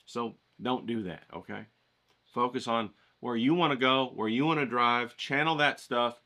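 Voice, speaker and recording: A man's voice: medium pitch, normal speed, sharp tone. A man giving a folksy, profane motivational rant to his stream audience. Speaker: art streamer.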